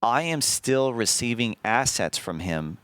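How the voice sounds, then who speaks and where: Profane, animated storytelling man. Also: mid-range voice, unhurried, clean tone, no echo. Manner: animated, profane, acts out quoted lines. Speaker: streamer. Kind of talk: casual storytelling to a stream chat.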